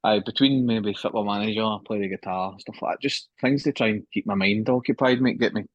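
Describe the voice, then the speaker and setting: Husky-voiced man in his thirties, candid. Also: on the low side, a little fast, no echo, lo-fi sound. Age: 30s. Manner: candid, swears often, keeps saying mate. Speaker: podcast guest. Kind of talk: casual conversation.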